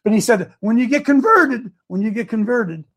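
A man leads a live show as preacher and host, walking through scripture with loose, slangy energy. His voice sits high and sounds a little husky. He acts the verses out in street talk rather than reading them. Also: animated, moderate pace, a bit bright.

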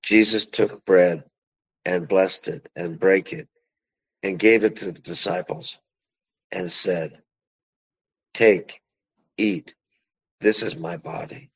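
A very deep-voiced man reads scripture in a slow, formal and solemn manner. His voice is low and husky. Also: low-quality recording. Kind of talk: scripture reading and prayer.

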